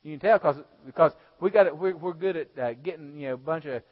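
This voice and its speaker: A male pastor preaching a sermon, swinging between loud exhortation and hushed storytelling. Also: fairly high pitch, fast talker. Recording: dull lo-fi sound.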